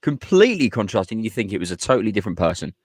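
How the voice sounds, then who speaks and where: A man's voice: fairly low pitch, sing-song, racing, husky, dry recording, clean studio sound. A man co-hosting a live chat, casual and agreeable with light banter. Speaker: co-host.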